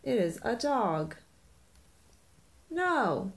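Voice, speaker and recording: A woman's voice: medium pitch, very animated, very slow. A woman reading a children's picture book aloud in a playful way, slipping into small voices and silly laughs.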